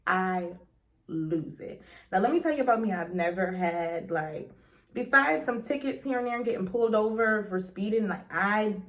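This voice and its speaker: A young woman telling a dramatic story in a chatty storytime vlog, full of slang and quick swings between loud and hushed. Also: medium pitch, lively intonation. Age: young adult. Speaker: vlogger.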